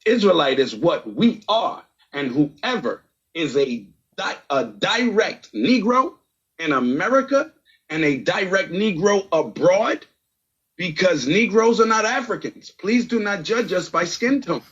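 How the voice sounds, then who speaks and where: A man's voice: high voice, very animated, measured pace, fairly bright tone, breathy edge, dull audio. A man debating in a voice chat room, emphatic and insistent, often ending points with "right?". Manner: emphatic, keeps asking "right?".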